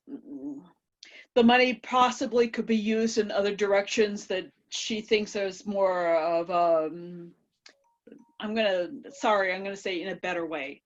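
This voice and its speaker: A woman speaking at a board meeting over a video call, halting with fillers before pressing a pointed question. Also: mid-range voice, muffled recording. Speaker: board member. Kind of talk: virtual board meeting remarks.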